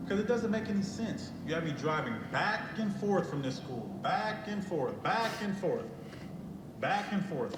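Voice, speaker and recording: Guy acting as a fed-up dad chewing out his kid, kinda high voice, echoey w loud noise behind. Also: recorded from a distance, natural voice. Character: stern frustrated father scolding his son. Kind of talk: film clip.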